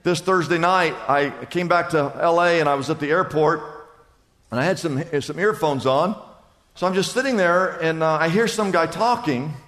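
A man's voice: on the high side, moderate pace, a bit bright. A male pastor preaching a sermon, telling stories and building to emphatic peaks in a large church. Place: large church in Los Angeles. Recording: echoey church hall.

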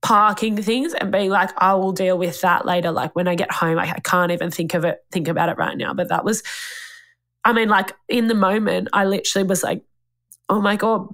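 A woman's voice: medium pitch, steady tone, brisk, a bit bright. A young woman, talking in a tearful, rambling way on a casual podcast, swearing often and quoting herself. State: tearful, crying. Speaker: podcast host. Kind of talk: casual emotional chat. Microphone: studio microphone.

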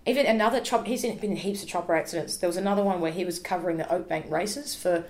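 A woman's voice: lowish voice, fast, echoey room. Laughing Australian woman telling stories. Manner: animated, laughing storyteller who acts out quotes. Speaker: podcast guest. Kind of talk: casual storytelling chat.

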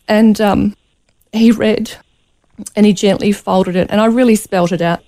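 A woman's voice: medium pitch, fairly even intonation, unhurried, warm tone. A woman telling a painful personal story as a radio interview guest, earnest and close to tears. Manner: earnest, emotional, near tears.

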